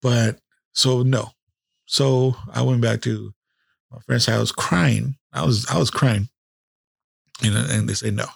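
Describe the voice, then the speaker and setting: A man's voice: mid-range voice, steady tone, slow pace, gravelly, long pauses, husky, no echo, clean studio sound. A man in his fifties, a podcast host telling a personal story in a candid, casual way with heavy swearing.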